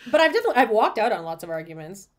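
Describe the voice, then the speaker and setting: A woman in her thirties co-hosting a podcast, animated and quick to laugh, with some swearing. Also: medium pitch. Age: 30s. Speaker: podcast co-host. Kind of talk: casual chat.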